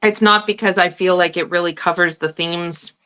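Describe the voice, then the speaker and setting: A woman's voice: fairly low pitch, steady tone, normal speed, sharp tone, lo-fi sound. Casual swearing woman chatting on a livestream. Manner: chatty, eats while talking, swears casually. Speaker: tarot livestream host.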